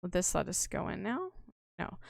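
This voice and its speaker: A woman's voice: fairly low pitch, wildly swooping pitch, normal speed, vocal fry, no echo, studio quality. A woman playing a video game, muttering offhand reactions as she goes. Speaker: let's-play gamer. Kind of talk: casual play-through commentary.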